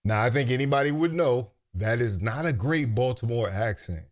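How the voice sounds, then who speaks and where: A man's voice: mid-range voice, expressive, moderate pace. A man hosting commentary, making a pointed, rhetorical argument. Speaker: commentary host.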